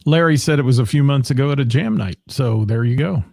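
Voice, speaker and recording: A man's voice: medium pitch, brisk, creaky, darkish tone. A man hosting a casual local radio talk show, joking and teasing his co-host and reading out viewer comments. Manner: joking, teasing, laughs often. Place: live streamed radio show studio.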